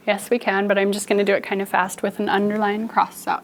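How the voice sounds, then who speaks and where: A woman's voice: mid-range voice, steady tone, fairly quick, slight background noise. A young woman teacher giving a playful, story-style phonics lesson to children in a classroom. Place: classroom with kids.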